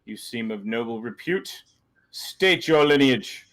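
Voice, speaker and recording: A man's voice: mid-range voice, animated, slow, fairly bright tone. A man voicing a stern, suspicious male guard commander who speaks in formal, old-fashioned commands for a tabletop game.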